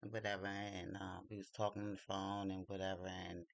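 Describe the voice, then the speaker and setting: A man's voice: deep voice, completely flat delivery, a little fast, vocal fry, dry recording. A man vlogging at home while doing his makeup, telling a dating story in a gossipy, confiding way. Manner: gossipy and confiding, drawls "child" often. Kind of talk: casual storytelling chat.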